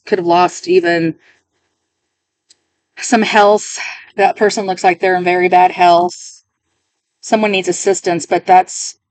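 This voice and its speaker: A woman's voice: on the low side, no echo. A woman reading tarot cards for her viewers, talking in a musing, emotional way and often interrupting herself. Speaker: tarot reader.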